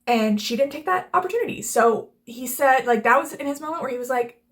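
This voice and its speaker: A woman's voice: high voice, lively intonation, brisk. A young woman hosting a casual book and movie review, gushing and rambling with lots of filler words and acting out the characters' lines. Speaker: book reviewer and channel host. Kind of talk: casual chat.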